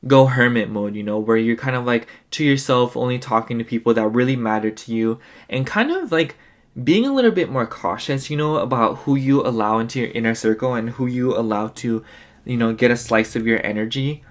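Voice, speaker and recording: A man's voice: mid-range voice, animated, fairly quick. Rambling, tired man reading tarot. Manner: rambling, full of "like" and "you know". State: tired, yawning. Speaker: tarot reader. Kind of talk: casual pick-a-card tarot reading.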